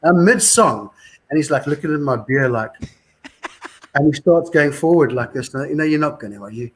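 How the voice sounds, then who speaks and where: A man's voice: fairly high pitch, animated, normal speed, slight background noise. A man in his sixties with a South African accent, a musician guest telling rambling, wry anecdotes in a casual interview. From Scotland, raised in South Africa.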